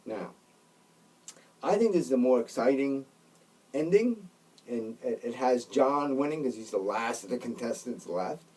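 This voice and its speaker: A man's voice: medium pitch, animated, unhurried, pauses often, darkish tone, slightly rough. A man retelling a story in casual commentary, emphatic, often checking in with his listeners, recorded on a distant mic. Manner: emphatic, keeps checking in with "right?" and "okay?". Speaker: Catholic commentator.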